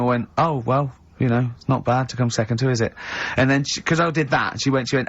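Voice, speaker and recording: A man in his forties swaps stories on a radio show, with middle-range pitch and giggles breaking up his lines. He teases his co-hosts and acts out each voice in the tale, and the studio sound is a little dull. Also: fast talker, hardly any pauses, slight background noise. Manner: teasing, giggly storyteller acting out dialogue. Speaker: radio host. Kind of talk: casual chat, anecdote telling.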